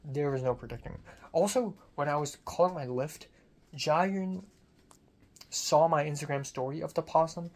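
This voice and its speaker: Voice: medium pitch, normal speed, vocal fry. A young adult film student talking in a casual diary vlog, rambling, self-deprecating and swearing casually.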